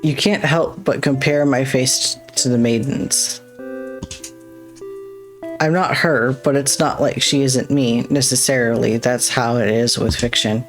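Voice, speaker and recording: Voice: mid-range voice, steady tone, a little slow, soft background music, close to an everyday voice. A gamer voicing a wistful masked playwright. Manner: courteous, theatrical, softly melancholy. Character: masked theater playwright who tells only bad endings, theatrical and wistful.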